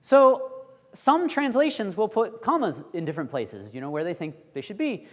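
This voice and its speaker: Brief: male Bible teacher, fairly high and very animated voice, asks the class questions. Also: moderate pace, in a large hall. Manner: lively, quizzes the audience. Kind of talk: classroom lecture.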